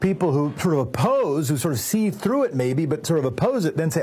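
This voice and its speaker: A man hosts a call-in radio show, his voice a little husky. He speaks earnestly and leans into his points, often restarting a phrase to make it land. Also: fairly high pitch, sing-song, a little fast, few pauses, a little mellow. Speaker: radio talk show host.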